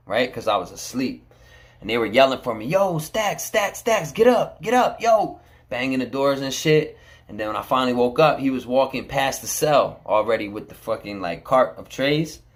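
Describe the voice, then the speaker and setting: A man's voice: mid-range voice, a little fast. A man telling a camera about his time in prison, in casual, blunt street talk full of swearing.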